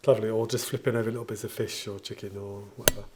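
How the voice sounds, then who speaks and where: Over a very noisy recording, a man with a lowish, level voice rattles along rapid-fire. He's a home baker cheerfully joking and chatting as he demonstrates his favourite equipment.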